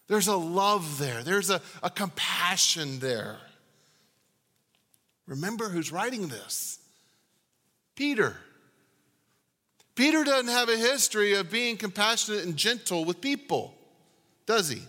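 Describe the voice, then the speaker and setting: A man preaching a sermon in a large church, emphatic, asking rhetorical questions and swinging from loud to hushed. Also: sits high, very animated, takes it slowly, long pauses. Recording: long reverb of a large hall.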